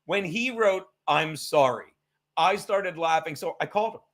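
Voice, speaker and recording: A man's voice: fairly high pitch, expressive, moderate pace, fairly bright tone. A man hosting a live stream, rambling and sarcastic, swearing often as he tells stories and reads chat. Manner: rambling, profane, sarcastic storytelling. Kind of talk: casual livestream chat.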